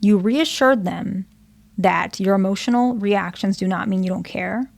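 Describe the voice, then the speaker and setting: Woman therapist with vocal fry. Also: mid-range voice, unhurried, darkish tone. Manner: earnest, checks in often with "okay?" and "right?"; explains patiently with example dialogues. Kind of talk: advice monologue to camera.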